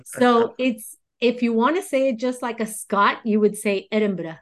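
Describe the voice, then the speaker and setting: A woman's voice: a little high, steady tone, a little slow. Woman hosting a casual chat. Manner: chatty, playful, asks questions. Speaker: host.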